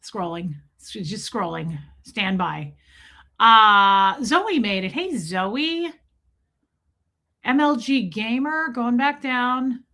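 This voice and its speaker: A woman's voice: on the high side, animated, slow, bright, forceful tone. A woman hosting a casual livestream, chatting and teasing as she greets viewers one by one. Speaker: livestream host.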